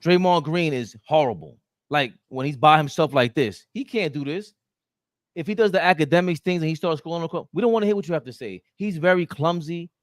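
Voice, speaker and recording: A man co-hosting a casual sports chat in slangy, emphatic bursts that jump to loud outbursts. His voice sits fairly high and swings widely in pitch. The sound is dry and close. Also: lively intonation, a little fast, no echo. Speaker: podcast co-host.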